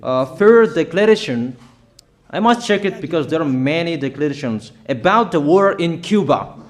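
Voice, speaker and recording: Emphatic male preacher, fairly high voice. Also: animated, normal speed. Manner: emphatic, repetitive, declamatory. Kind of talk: sermon of prophetic declarations.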